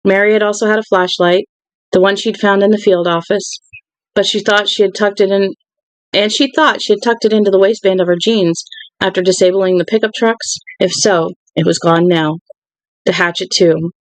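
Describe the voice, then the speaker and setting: A reader narrating a novel aloud in an even, unhurried way, with occasional restarts. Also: mid-range voice, no echo, poor audio. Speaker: audiobook reader.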